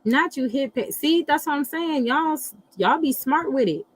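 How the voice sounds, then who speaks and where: A middle-aged woman hosting a casual live chat, animated and blunt, swearing freely and reacting to viewer comments. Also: high-pitched, moderate pace, rough recording. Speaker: livestream host reading astrology.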